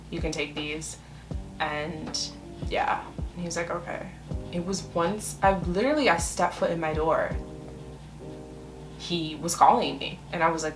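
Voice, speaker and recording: A young woman in her twenties with a low, deep-set voice tells a personal story to the camera. She talks in a candid, blunt way, swears freely and breaks into laughs often. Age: 20s. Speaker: vlogger telling a story. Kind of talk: casual storytime chat.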